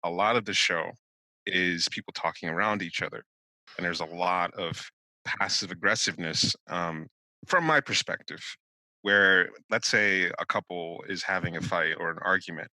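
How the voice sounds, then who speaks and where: A man with a low voice that has a bright, forceful edge talks bluntly, working through his thoughts with restarts. He is recorded close on a dry studio mic with no room sound. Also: moderate pace, dry recording, rough recording. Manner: blunt, thinks aloud with many restarts. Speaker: podcast co-host. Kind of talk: casual discussion.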